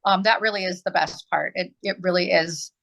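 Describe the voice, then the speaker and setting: A woman's voice: lowish voice, fairly even intonation, brisk, creaky, fairly bright tone, poor audio. A woman in her forties from southern Illinois, answering interview questions earnestly as an arts nonprofit director, with many ums.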